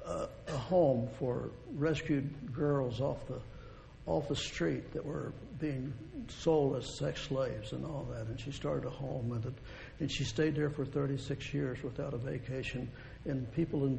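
A man preaching a sermon with a deeply gravelly, mellow voice, pitched a touch high for a man. He talks in a folksy, rambling way, circling back over his phrases. The sound rings with long reverb, over a faint low rumble. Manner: folksy, rambling with restarts, chuckles.

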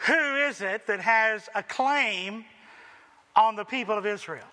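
A man preaching a sermon slowly and deliberately, acting out the people's voices in dramatic quotes. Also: high-pitched, sharp tone, long reverb tail. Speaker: pastor.

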